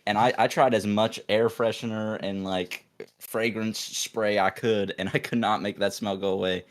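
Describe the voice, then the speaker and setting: A young man, a podcast co-host, telling a work story in a rambling, animated way, full of restarts and acted-out quotes. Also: on the low side, normal speed. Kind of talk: casual storytelling chat.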